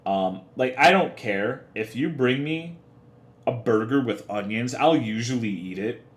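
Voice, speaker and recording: A young man with an animated, medium-pitched voice speaks a little slowly while livestreaming. He chats casually with his viewers in profane, rambling, half-joking rants, and the room sounds echoey.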